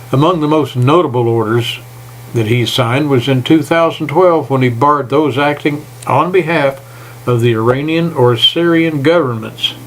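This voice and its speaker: An older man giving a folksy, indignant political rant, pausing to read stumblingly from notes. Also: mid-range voice, low-quality recording. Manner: folksy, reads haltingly, indignant. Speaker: political commentator. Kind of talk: opinion rant to camera.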